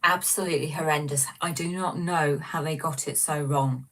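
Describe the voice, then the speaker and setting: Woman, low voice, slightly distant mic, small room, chatty self-mocking livestream host. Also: fairly even intonation, moderate pace. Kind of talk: casual livestream chat reading viewer comments.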